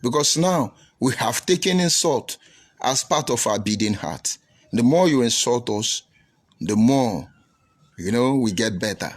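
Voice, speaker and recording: A man with a Nigerian English accent preaches on a livestream, answering viewer comments in a combative, preachy manner full of rhetorical questions. His mid-range voice is animated yet a little slow.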